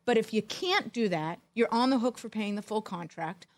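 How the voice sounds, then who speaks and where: A middle-aged woman co-hosting a sports talk show, telling a long story in a wry, animated way. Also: medium pitch, moderate pace. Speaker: podcast co-host, former football executive. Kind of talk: storytelling in casual chat.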